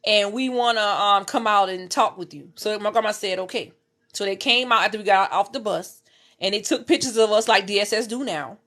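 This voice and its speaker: A woman's voice: medium pitch, fairly quick, a bit bright. A woman, telling her own life story to her viewers in an intense, repetitive way, swearing as she talks from her bed at home. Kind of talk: emotional personal storytelling.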